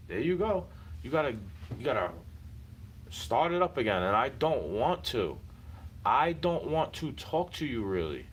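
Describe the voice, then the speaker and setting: A man's voice: medium pitch, very animated, a little slow, a little hiss or hum, poor audio. A man venting in a heated, repetitive personal rant, speaking straight at someone he is fed up with and swearing often. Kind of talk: frustrated personal rant to camera.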